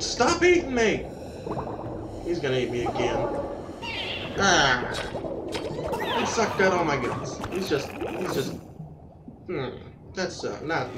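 A man giving casual, rambling gameplay commentary as a let's-play host, yelping excitedly whenever his creature gets attacked. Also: on the high side. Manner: chatty, rambling, excitable yelps when attacked. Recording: roomy, distant mic, game music behind. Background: game music.

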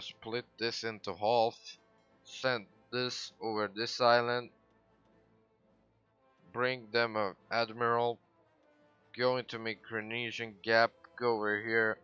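A bright-voiced man chattering through a strategy game stream, excitable and quick to swear. The sound is dry and a little dull, with faint game music behind him. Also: medium pitch, clear, resonant tone, dry recording. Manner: excitable, swears, sudden loud outbursts. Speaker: gaming livestreamer. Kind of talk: casual gameplay commentary.

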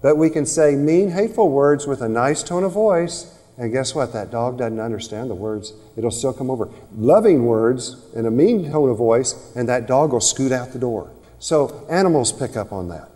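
Energetic male seminar speaker, reverberant hall. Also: medium pitch, moderate pace, few pauses. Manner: energetic, rhetorical questions to the audience. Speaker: speaker on communication skills. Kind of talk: motivational seminar talk.

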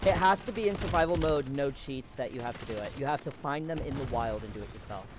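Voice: medium pitch, quick pace, noisy background. A game streamer in casual chat who swears freely and talks back to the game. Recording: gunfire of a shooter game behind the voice. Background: loud game gunfire.

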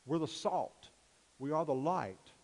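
Emphatic preacher in a reverberant church. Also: male voice, on the high side, lively intonation, slow pace, a little mellow. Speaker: pastor. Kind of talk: sermon and prayer. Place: church sanctuary. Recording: long church hall reverb.

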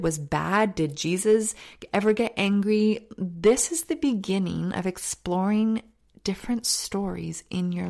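A woman hosting a faith-based self-help podcast, telling stories earnestly and sometimes dropping to a soft near-whisper. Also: medium pitch, gravelly. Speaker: podcast host.

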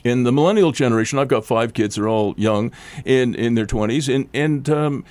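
A man's voice: mid-range voice, normal speed, a little mellow, no room sound. Chatty older Canadian man, dry studio sound. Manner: rambling, chatty, lots of restarts and self-interruptions. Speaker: guest. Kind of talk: casual interview storytelling. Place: radio studio. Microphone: studio mic.

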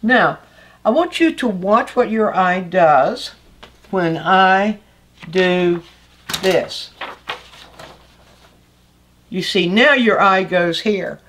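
An older woman teaches art in a patient, explanatory way. Her voice sits at a middle pitch, and she often restarts a phrase before finishing it. She keeps pointing out details as she goes. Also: lively intonation, takes it slowly, long pauses, a bit bright, a little hiss or hum. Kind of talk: art lesson explaining a painting.

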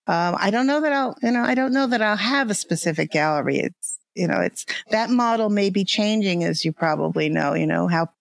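An older woman from the New York area with a New York accent, a guest artist talking casually in a halting way with many restarts. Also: medium pitch, gravelly, no room sound. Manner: halting, many restarts and fillers, laughs easily. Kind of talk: casual interview chat.

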